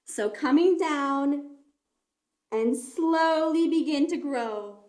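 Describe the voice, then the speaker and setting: A young woman leading a toddler yoga lesson, talking in a gentle, encouraging, sing-song way to small children. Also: sits high, takes it slowly. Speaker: kids' yoga teacher.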